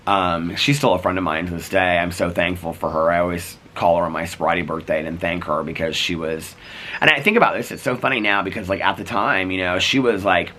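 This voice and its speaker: A middle-aged man talks straight to camera in a relaxed, chatty vlog, winding through a story with lots of "like" and "you know" and acting out both sides of old conversations. His voice sits low but has a bright, forward edge. A faint hiss runs under the recording. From United States. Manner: chatty, full of "like" and "you know", acts out quoted exchanges. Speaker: vlogger.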